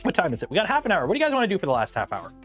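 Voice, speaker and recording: A young man with a fairly high-pitched voice talks in a loose, rambling livestream chat. He drifts from one tangent to the next while he works on a project. Faint music plays in the background. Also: wildly swooping pitch, very fast, fairly bright tone, husky. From Canada. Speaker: livestream host.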